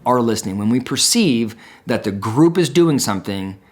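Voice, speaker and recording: A male psychologist talks through a famous experiment in an educational video, voice at an ordinary middle pitch. He tells it like a story and slips into the voices of the people involved. A soft music bed sits quietly behind him. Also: lively intonation, normal speed. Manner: storytelling, acts out quoted dialogue. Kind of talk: educational explainer.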